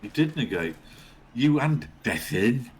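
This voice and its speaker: A man's voice: medium pitch, big pitch swings, takes it slowly. A man co-commentating a game livestream, chatty, joking and swearing freely.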